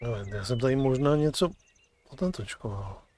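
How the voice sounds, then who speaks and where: Man, gaming commentary, musing aloud, warm dark tone, faint hiss. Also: mid-range voice, expressive, brisk. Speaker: streamer.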